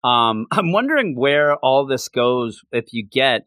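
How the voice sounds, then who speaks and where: A man co-hosting a casual chat, animated and excitable, slipping into quoted voices. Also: medium pitch, a little slow, dry recording, clean studio sound. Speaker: podcast co-host.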